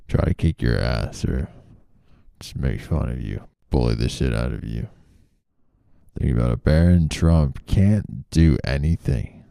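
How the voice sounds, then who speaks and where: Deep, slow, gravelly comedy host with a sardonic, deadpan delivery. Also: male voice, no echo, studio quality. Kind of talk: comedic current-events monologue.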